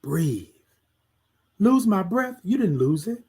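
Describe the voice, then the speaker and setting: Husky high-voiced motivational man. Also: very animated, slow. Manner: preacher-like, repeats phrases, drops to quiet self-talk. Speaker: podcast host. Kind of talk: motivational talk.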